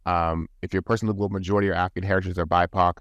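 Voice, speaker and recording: A man's voice: deep voice, level tone, very fast, dry recording, dull audio. A man guest on a podcast, talking in an earnest, advising way with frequent restarts, recorded in a studio. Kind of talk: casual podcast talk.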